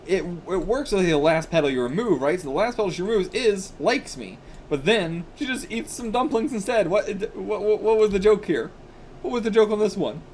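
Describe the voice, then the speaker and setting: A man's voice: sits high, a little mellow. A man reacting to old manga on camera, rambling casually with lots of "like" and "you know" and frequent laughs. His voice sits a little above the usual for a man and moves up and down a lot. A faint room hum runs behind him. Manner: chatty, laughs often, fillers like "you know".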